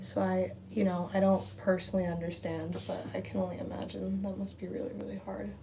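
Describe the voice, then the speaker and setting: Young female streamer, casual and rambling, creaky mid-pitched voice, faint room noise behind. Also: little pitch movement, brisk. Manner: rambling, repeats words, reads viewer comments aloud. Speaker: livestreamer. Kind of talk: casual livestream chat. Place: at home indoors, near a window.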